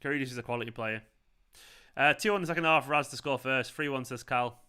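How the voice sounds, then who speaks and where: Man, Mancunian accent, bright smooth voice, rambling casual chat, reads chat aloud. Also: medium pitch, fast. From England. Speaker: fan channel host. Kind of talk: casual live watchalong chat. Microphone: earphones with mic.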